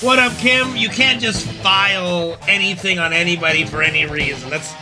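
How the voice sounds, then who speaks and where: A man streaming a game, chatting casually with his chat, swearing freely and breaking into loud outbursts and laughter. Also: high voice, normal speed, music in the background.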